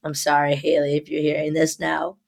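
A woman's voice: deep voice, completely flat delivery, fairly quick, vocal fry. A young woman co-hosting a podcast, telling a story in casual chat with lots of swearing and heat. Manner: profane, heated storytelling. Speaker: podcast co-host.

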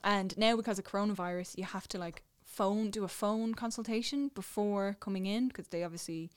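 A young woman with an Irish accent, casually telling a personal story, dropping to a hush and then getting excited. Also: mid-range voice, fairly quick, smooth. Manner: animated, swings between hushed and excited. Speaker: new mother telling her story.

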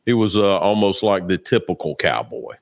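A man with a very deep voice chimes in with eager little agreements during a casual podcast chat. The sound is close and dry, with no room in it. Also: sing-song, moderate pace, gravelly, no echo.

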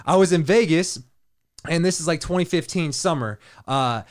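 A young adult man hosting a podcast, telling a story in a loose, animated way and laughing often. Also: on the high side, moderate pace. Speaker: podcast host, dating coach. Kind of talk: casual storytelling chat.

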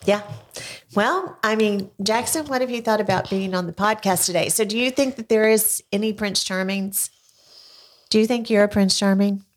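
A woman's voice: mid-range voice, normal speed. Grandmotherly woman coaxing answers in interview. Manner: coaxing, prompting with leading questions. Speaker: podcast host. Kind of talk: casual family interview. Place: home studio.

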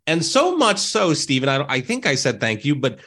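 A man's voice: on the high side, huge pitch swings, normal speed, bright, forceful tone, husky. A man hosting an interview who speaks effusively and heaps praise on his guest. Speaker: interview host. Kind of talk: conversational interview.

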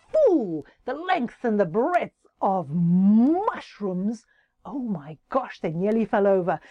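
Playful, animated woman storyteller. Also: medium pitch, dry recording, dull audio. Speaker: children's storyteller and host. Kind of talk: children's story narration.

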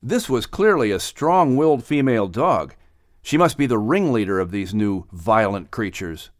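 A man narrating an audiobook with expressive storytelling. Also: on the low side, moderate pace, no room sound, clean studio sound.

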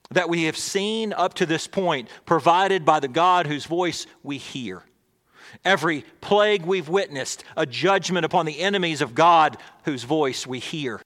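A male pastor preaching a sermon, swinging between emphatic, raised lines and hushed, near-whispered ones. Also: fairly high pitch, big-room sound.

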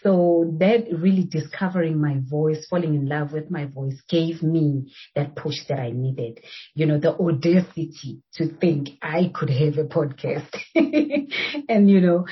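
South African woman podcast host, very husky, low-ish voice, lively and laughing, muffled remote line. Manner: laughs often, animated. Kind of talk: casual chat.

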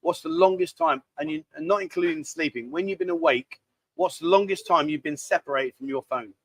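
A man's voice: a little high, a little fast, no echo. A man hosting a live stream, rambling and bantering casually as he reads out viewer comments. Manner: rambling, chatty, cheeky banter. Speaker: livestream host.

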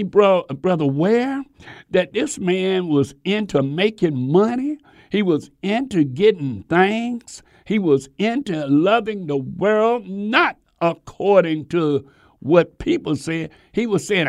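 A man's voice: high voice, lively intonation, takes it slowly, dry recording, studio quality. A man preaching a sermon in an emphatic, conversational way, asking his listeners rhetorical questions.

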